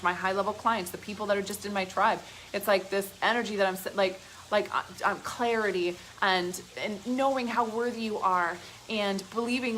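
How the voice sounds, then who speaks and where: A woman's voice: fairly high pitch, slight background noise, poor audio. Fired-up woman coach on a live stream. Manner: emphatic and profane, with frequent fillers; excited and gushing. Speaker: business coach. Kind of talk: live-stream pep talk.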